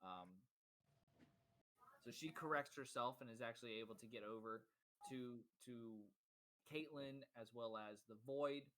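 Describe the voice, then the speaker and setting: A man's voice: mid-range voice, pushed and bright, poor audio. A man in a middle register serves as game master for a tabletop game. His narration halts and restarts as he searches for the next words, and he walks the players through each scene.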